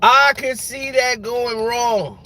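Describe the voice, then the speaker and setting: A man's voice: very high-pitched, fairly even intonation, slow, bright, forceful tone, slight background noise. A man telling casual stories as a guest, laughing often and acting out the people he quotes. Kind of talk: casual storytelling.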